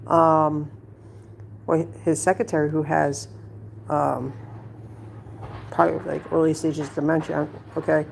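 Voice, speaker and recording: Low, gravelly-voiced woman ranting. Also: flat delivery, a little slow, pauses often, darkish tone, a little hiss or hum. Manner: blunt, swearing, rambling with restarts. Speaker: vlogger. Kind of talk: casual storytelling to camera.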